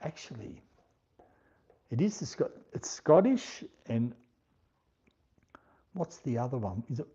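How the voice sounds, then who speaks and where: An Australian man hosts a casual livestream in a medium-pitched, mellow voice with a breathy edge, sounding very animated while still speaking slowly and unhurriedly. He reads viewer comments aloud and thanks each viewer by name. The recording is dull lo-fi stream audio.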